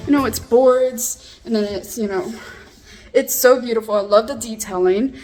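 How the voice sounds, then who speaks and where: A young woman giving an excited, gushing tour of her new mobile home, filming on a handheld phone. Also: on the high side, moderate pace, faint music behind. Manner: gushing, excited, lots of fillers and swearing. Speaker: vlogger giving a house tour. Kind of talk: casual house tour narration.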